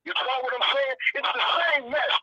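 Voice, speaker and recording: A man's voice: extremely high pitch, steady tone, brisk, sharp tone, no room sound, lo-fi sound. A man, a guest in a heated religious debate, speaking in an insistent, lecturing way.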